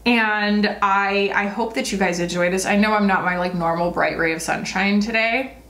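A woman's voice: medium pitch, steady tone, normal speed, fairly bright tone. A woman in her thirties chatting casually about her monthly favorites as a beauty vlogger, rambling and self-deprecating. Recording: roomy echo.

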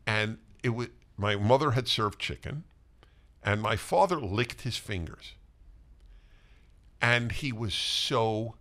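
An older man co-hosting a talk show, telling stories in an animated way with frequent restarts and repeated words. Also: lowish voice, slow pace, pauses often. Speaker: co-host. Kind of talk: casual conversational talk show.

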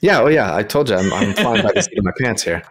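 A man with a fairly low voice plays a tabletop game over a video call. He talks hesitantly, thinking aloud with plenty of fillers. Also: sing-song, fast talker. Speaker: player.

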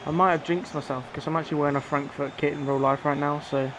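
A young man doing live commentary on a football video game, urging on his players and shouting when they score or miss. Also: on the high side, fast, background noise. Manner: excitable, shouts at players, swears. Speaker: gaming streamer.

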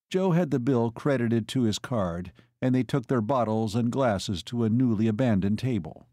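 A man narrating a novel as an audiobook, in a measured storytelling manner. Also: mid-range voice, lively intonation, dark tone, no room sound, clean studio sound. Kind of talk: scripted narration.

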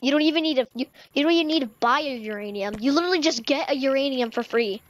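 A young woman, a gaming YouTuber, rambles and stammers through casual let's-play commentary into a desk microphone, using lots of fillers. Her voice sits high and is animated and fast, with lo-fi sound and a noisy background.

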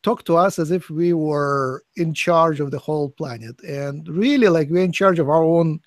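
A man's voice: on the high side, moderate pace, no echo. A man with a somewhat raised voice asks questions of a channeler, circling back and restarting as he works through his thoughts. His voice is recorded dry, with no room sound behind it. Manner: searching, hesitant, with restarts and a light laugh. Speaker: interviewer. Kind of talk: conversational questioning.

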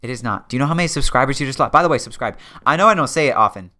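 A man's voice: medium pitch, animated, rapid-fire, sharp tone. Joking young man narrating his game.

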